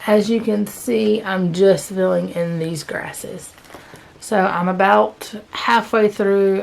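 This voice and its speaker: A woman's voice: mid-range voice, vocal fry, darkish tone. A woman chatting casually about her cross-stitch progress, rambling a little and correcting herself as she goes, sitting in a chair at home. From American South. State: hiccups. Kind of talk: casual chat.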